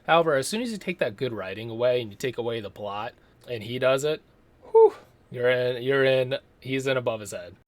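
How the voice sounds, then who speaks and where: A man's voice: mid-range voice, lively intonation, fast, dry recording. A man giving a casual, rambling movie review, swearing freely and slipping into mocking impressions.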